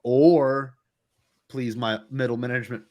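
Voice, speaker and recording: A man's voice: medium pitch, steady tone, a little slow, lo-fi sound. A man chatting casually as a player in a tabletop game, eager and repeating himself. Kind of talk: casual role-play chat.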